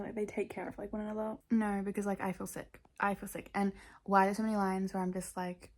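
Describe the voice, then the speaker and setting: A young woman chatting casually in a reading vlog, gushing about books with lots of fillers and quiet whispered asides. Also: mid-range voice, flat delivery, a little fast. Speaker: book vlogger.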